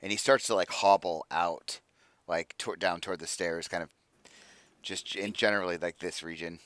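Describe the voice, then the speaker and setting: A man's voice: low-pitched, fairly even intonation, normal speed, fairly bright tone, no room sound. A man narrating as game master for a tabletop game, casual and full of fillers.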